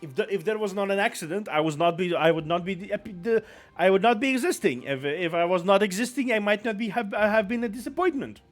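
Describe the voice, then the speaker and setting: A man's voice: high voice, fast, faint music behind. A man chatting casually on a live stream, rambling and self-deprecating, apologizing often.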